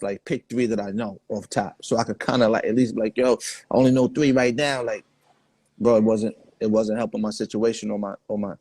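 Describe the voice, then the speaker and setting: A man's voice: mid-range voice, dark tone, dry recording. A man, the guest in a casual interview, telling laid-back stories full of quoted dialogue. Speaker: guest artist.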